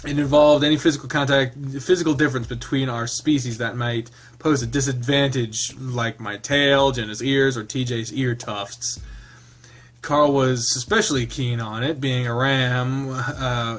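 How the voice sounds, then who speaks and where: Male game reader, chatty and laughing, middle pitch. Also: steady tone, moderate pace, fairly bright tone, faint music behind. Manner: chatty, laughing, lots of fillers. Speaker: game streamer. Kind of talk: reading a visual novel aloud with casual commentary.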